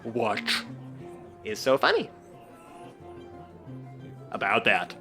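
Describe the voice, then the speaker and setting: A man's voice: lowish voice, wildly swooping pitch, very slow, creaky, sharp tone, faint music behind, heavily acted. A man voicing a small male bird creature that mimics voices, speaking in clipped, borrowed phrases. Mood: curt.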